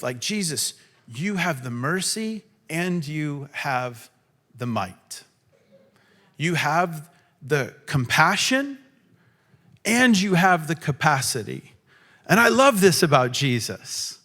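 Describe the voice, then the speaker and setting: A man preaching a sermon in a conversational tone, now and then acting out biblical quotes with sudden raised shouts. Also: fairly high pitch. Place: church hall.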